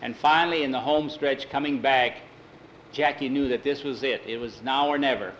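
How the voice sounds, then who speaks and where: Man telling a homespun western tale, mid-pitched, relaxed and folksy. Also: moderate pace, slight background noise, rough recording. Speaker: storyteller. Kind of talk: oral storytelling.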